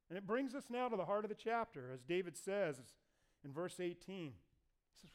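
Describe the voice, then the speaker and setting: A male pastor preaching a sermon in a church. His voice sits high for a man and sounds smooth and resonant. He tells the story in a lively way and acts out what each figure says. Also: moderate pace. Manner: animated storyteller acting out voices.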